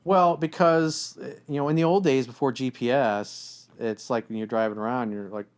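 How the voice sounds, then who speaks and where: A man's voice: mid-range voice, normal speed, clean tone. A man giving relationship advice in a blunt, casual way, often acting out what partners say to each other. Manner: blunt, animated, acts out quoted voices. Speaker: relationship coach.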